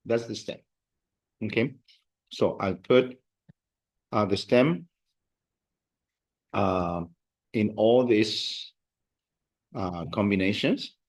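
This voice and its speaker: A man teaching a class, explaining verb endings patiently and drilling students in a classroom. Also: lowish voice. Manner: slow, patient, drills students with call-and-response. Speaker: Spanish teacher. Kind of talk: classroom lesson.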